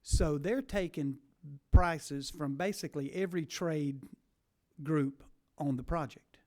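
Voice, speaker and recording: A man's voice: fairly high pitch, dark tone. Pressing man questioning at a hearing. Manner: pressing, repeats words when stressing. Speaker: legislator questioning witnesses.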